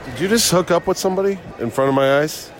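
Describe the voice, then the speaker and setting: A man's voice: on the high side, quick pace. Teasing man at an outdoor comic con. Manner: joking, teasing, tells stories with acted-out quotes. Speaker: convention promoter and host. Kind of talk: casual chat.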